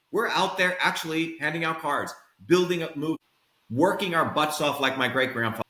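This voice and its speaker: Profane, combative man with a bright edge. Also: on the high side, reverberant. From India. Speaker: podcast guest, political candidate. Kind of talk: heated political rant.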